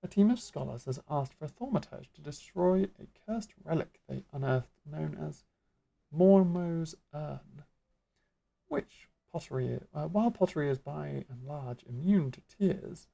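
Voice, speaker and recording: Lady doing a pompous old-style mage mentor, slow and grand, gravelly dark voice, kinda husky. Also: deep voice, lively intonation, heavily acted. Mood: grandiose. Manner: florid, archaic, lecturing delivery. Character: grandly theatrical magic guild master mentor.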